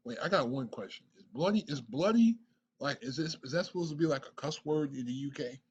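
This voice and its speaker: Excitable man reacting on a lo-fi mic. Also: on the high side, brisk, a little hiss or hum. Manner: excitable, stammering, repeats himself. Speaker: reaction video host. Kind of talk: casual reaction commentary.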